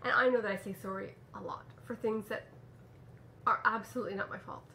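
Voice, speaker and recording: A woman's voice: mid-range voice, steady tone, brisk, pushed and bright, a little hiss or hum. A woman from Canada hosting a knitting podcast, chatting casually at home with fillers and restarts. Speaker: podcast host. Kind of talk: casual chat. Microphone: camera mic.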